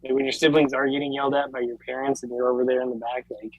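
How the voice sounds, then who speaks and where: Male co-host, easygoing chat, slightly raspy tone, dead-dry sound. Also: mid-range voice, level tone, fast, no room sound, muffled recording. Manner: laid-back, agreeing, many fillers. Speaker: podcast co-host. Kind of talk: casual wrestling chat.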